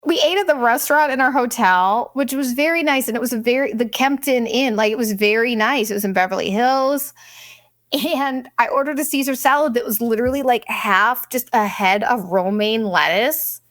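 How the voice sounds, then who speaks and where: Middle-aged woman vlogger, chatty and blunt with frequent swearing, slightly high voice, dry recording. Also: moderate pace, a bit bright, no room sound. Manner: candid, profane, chatty, quotes people in put-on voices. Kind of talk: casual storytelling monologue.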